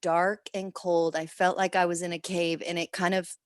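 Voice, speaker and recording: A woman on a video call sharing a personal experience in a rambling, emotional way, halting often with restarts. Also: on the low side, little pitch movement, clear, resonant tone, no room sound, clean studio sound. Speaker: workshop participant.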